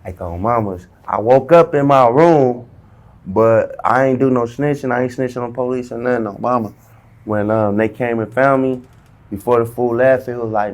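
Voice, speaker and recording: A man's voice: mid-range voice, normal speed. A man in a casual interview, telling a story heavy with slang and acting out the dialogue himself. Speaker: interview guest.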